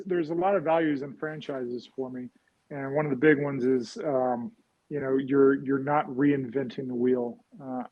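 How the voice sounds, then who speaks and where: The interview guest, a real estate investor, has a mid-range voice and rambles casually, sprinkling in fillers and a habitual "right?" after his points. The recording is dry and muffled.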